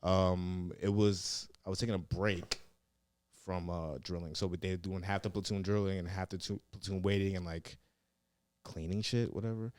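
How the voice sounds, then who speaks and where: Here a young man speaks in a low, darkish voice at a moderate pace, his intonation fairly even and the recording free of echo. As a podcast guest, this comedian and ex-Marine recruit tells meandering stories in a casual interview, swearing often and filling his sentences with "like" and "yeah."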